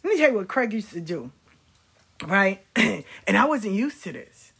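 A middle-aged woman with a husky, slightly breathy voice, talking casually about her past. She is blunt and animated and swears without a second thought. Her pitch sits in an ordinary middle range. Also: a little slow. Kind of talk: casual storytelling.

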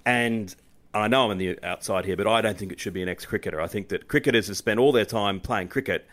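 A man's voice: on the low side, a bit bright. A man giving blunt opinions about cricket on a podcast. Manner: quick and opinionated. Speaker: co-host. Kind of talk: casual cricket chat.

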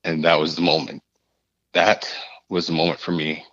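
A man, a podcast guest, telling a personal story in a halting, earnest way, often repeating his phrases. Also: very deep voice, little pitch movement, a bit bright, no echo, highs cut off.

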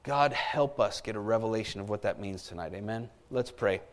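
A middle-aged man preaching a sermon as a pastor, animated, with asides and calls for an amen. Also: lowish voice, brisk. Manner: animated preaching with asides and call-outs for amens.

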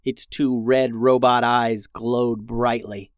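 A man reading a children's adventure story in a gentle, even storytelling manner as a podcast host. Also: medium pitch, slow, clear, resonant tone, no room sound, clean studio sound. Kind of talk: scripted story narration.

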